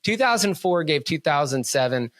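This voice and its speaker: A man's voice: fairly high pitch, sing-song, normal speed, fairly bright tone, no echo. A man co-hosting a podcast in casual chat, rambling enthusiastically with many restarts. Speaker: podcast co-host.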